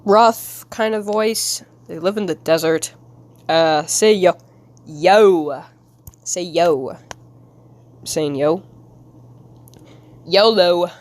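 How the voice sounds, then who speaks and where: A woman with a lowish voice speaks slowly during a casual drawing live stream. She chats with her viewers, giggling and rambling in a silly way.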